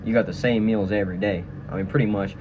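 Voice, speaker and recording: A man's voice: on the low side, fairly even intonation, quick pace, noisy background. A young man telling a story casually and walking through a tutorial, rambling with lots of fillers and tag questions. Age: young adult. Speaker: vlogger. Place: room at a training school.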